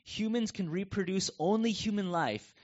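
Pastor with a North American accent. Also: male voice, high voice, moderate pace. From United States. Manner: conversational, animated storytelling. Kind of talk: sermon. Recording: dull lo-fi sound.

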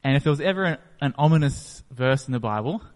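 A man's voice: mid-range voice, expressive, fast. Man preaching in an echoey hall. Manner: storytelling, acts out the scene. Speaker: pastor. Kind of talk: sermon.

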